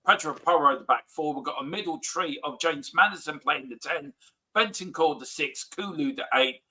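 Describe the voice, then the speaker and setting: A man chatting as a football fan on a live watchalong, excitable and cheering the play aloud. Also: on the high side, moderate pace, poor audio. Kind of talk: casual watchalong banter.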